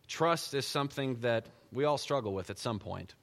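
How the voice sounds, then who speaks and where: A man preaching a sermon in a church, conversational and animated as he tells the Bible story. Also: mid-range voice, normal speed, creaky. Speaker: pastor. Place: church sanctuary. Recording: long church reverb.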